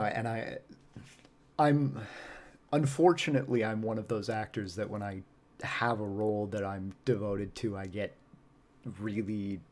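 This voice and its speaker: A man's voice: fairly low pitch, darkish tone. A man who acts on stage, guesting on a podcast and chatting casually in a rambling, reflective way with plenty of fillers and laughs.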